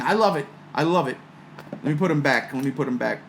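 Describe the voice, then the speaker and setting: A man hosting a casual fan chat, excitable and laughing as he talks. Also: medium pitch, a little fast, slight background noise. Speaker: podcast host.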